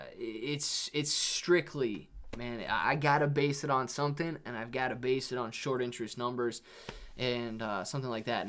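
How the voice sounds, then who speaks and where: A man's voice: mid-range voice, a bit bright. A man hosting a live stream, reading viewer chat aloud in a rambling, laid-back way and calling people "dude" and "man". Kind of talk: casual livestream chat.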